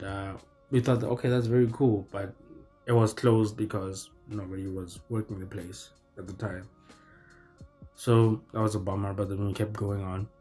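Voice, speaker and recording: A man's voice: fairly low pitch, darkish tone. A young man telling a story casually, rambling with lots of fillers and restarts. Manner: rambling, filler-heavy, self-correcting.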